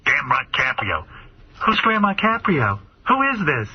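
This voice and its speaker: Man doing a lovesick girlfriend, gushing, put-on accent, lively pitch, dull radio sound. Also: normal speed. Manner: gushing and theatrical, then snapping into swearing. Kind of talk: prank call comedy bit. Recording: dull radio studio sound with clear noise.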